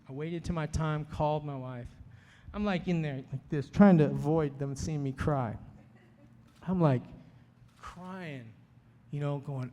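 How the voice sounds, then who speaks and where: A man giving an animated personal testimony, storytelling and acting out the voices of people he quotes. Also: fairly high pitch, measured pace, long pauses. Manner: storytelling, acts out quoted voices, laughs often. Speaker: speaker sharing his testimony. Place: conference hall. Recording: long hall reverb.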